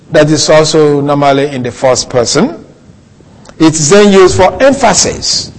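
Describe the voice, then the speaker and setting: Slow, deliberate preacher man in echoey hall. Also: fairly high pitch. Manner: slow, deliberate, lingering on key words. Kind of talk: Bible teaching sermon. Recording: long reverb of a hall.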